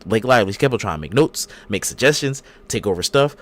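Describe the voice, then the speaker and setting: A man's voice: lowish voice, animated, quick pace. A man co-hosting a casual podcast, telling a long rambling story and acting out the quotes. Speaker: podcast co-host. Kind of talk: casual chat.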